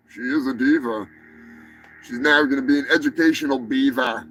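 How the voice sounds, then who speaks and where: A man hosts a live comedic rant about strange animal stories, his mid-range voice fairly bright on a rough recording. He swears constantly, wanders into asides, and laughs in the middle of sentences.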